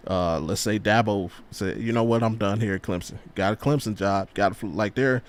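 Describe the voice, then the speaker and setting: A man's voice: on the low side, fairly quick. A man co-hosting a sports podcast, speaking casually with slang and reading out viewer comments. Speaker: podcast co-host.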